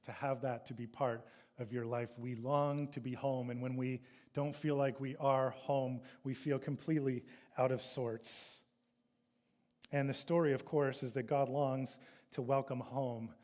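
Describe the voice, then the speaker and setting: A man's voice: medium pitch, a little mellow. A male pastor preaching a sermon, reading scripture and retelling it, sometimes acting out the characters' complaints. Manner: reads scripture then retells it, acting out the sons' complaints in a raised voice.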